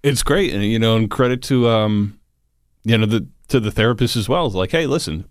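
A man hosting a radio talk show, chatting casually with a guest and giving quick, encouraging agreement. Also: fairly low pitch, no room sound, studio quality. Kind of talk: casual interview chat.

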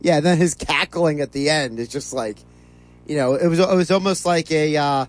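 A man's voice: fairly high pitch, normal speed, soft background music, rough recording. A man co-hosting a sports radio show, chatting casually and enjoying a funny clip. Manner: amused, eager to share clips.

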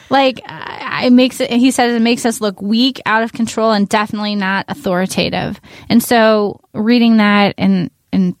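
A woman's voice: fairly high pitch, steady tone, unhurried, dry recording. A woman cohosting a parenting podcast, talking in a candid, exasperated, casual way. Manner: candid, exasperated, laughs easily. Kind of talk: casual chat.

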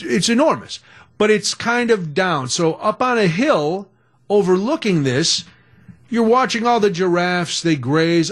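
A middle-aged man hosting a radio talk show, telling a story in a chatty, animated way. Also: on the high side. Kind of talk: casual storytelling.

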